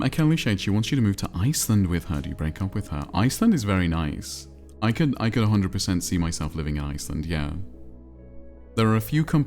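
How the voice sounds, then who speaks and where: A man streaming a cozy game, chatting in a relaxed, rambling way and answering his chat. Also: low-pitched. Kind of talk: casual chat while playing a cozy game.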